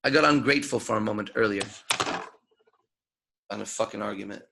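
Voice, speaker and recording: A man's voice: fairly low pitch, a little fast, gravelly, background noise. A man giving an unscripted lecture as a dating coach, talking in a swaggering, profane, emphatic way.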